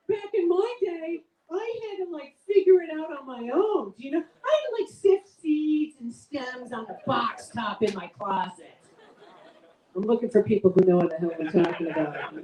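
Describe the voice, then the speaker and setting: A woman's voice: warm tone, recorded from a distance. A middle-aged woman doing a chatty, self-mocking stand-up comedy set for a live audience. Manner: chatty, self-mocking, big swings in pitch. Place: event room with a live audience. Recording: echoey room, voice off-mic.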